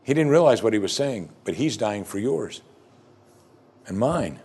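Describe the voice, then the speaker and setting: A man's voice: fairly low pitch, lively intonation, measured pace, a little mellow, breathy edge. A man preaching a sermon as pastor, earnest and emphatic, repeating key phrases and breaking into conversational asides between scripture readings.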